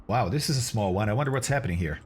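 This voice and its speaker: A man's voice: on the low side, lively intonation, very fast, a little mellow, soft background music. A man chatting casually on a live stream, thanking viewers and exclaiming and groaning as he reacts to the chat. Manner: groaning and exclaiming over bad-tasting candy. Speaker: flight simulator streamer.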